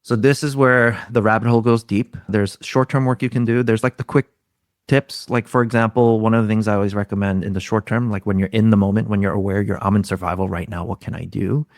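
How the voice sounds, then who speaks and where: A man's voice: on the low side, flat delivery, fairly quick, no room sound, studio quality. A man, a guest expert on a podcast, explaining ideas in a teaching tone and often throwing out rhetorical questions. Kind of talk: explaining in an interview.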